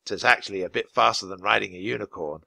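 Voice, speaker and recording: A man's voice: on the low side, fast, gravelly, sharp tone, no room sound, voice pushed down, exaggerated voice, rough recording. A man reading aloud, voicing a smug, mean teenage boy villain in a storybook.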